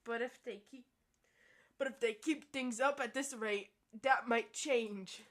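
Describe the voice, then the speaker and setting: A cheeky, clowning teenage schoolgirl from a game story, played by a woman. She teases and jokes, voice bouncing a little high. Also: unhurried, natural voice. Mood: teasing. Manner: playful, joking, silly voices.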